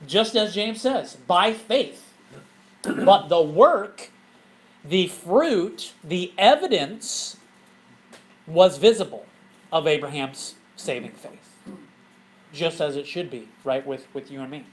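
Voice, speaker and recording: A man, a pastor, teaching a Bible study to a group in a church, animated and often laughing as he asks questions. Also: a little high, slow pace, long pauses, a little hiss or hum, poor audio.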